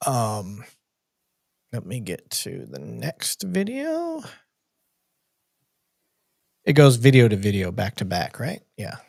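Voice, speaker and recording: A man's voice: mid-range voice, wildly swooping pitch, slow, vocal fry, pauses often, a little mellow, dry recording, studio quality. A man hosting a livestream, talking casually and reading viewer comments aloud. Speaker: podcast host. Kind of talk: livestream chat.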